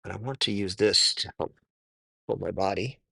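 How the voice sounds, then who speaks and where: Low-pitched man with a gravelly edge, easygoing and self-correcting as he talks through floor stretches. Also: moderate pace, sharp tone, dry recording. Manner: thinks aloud, self-correcting, grunts with effort. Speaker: stretching instructor. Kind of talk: casual spoken walkthrough of stretches.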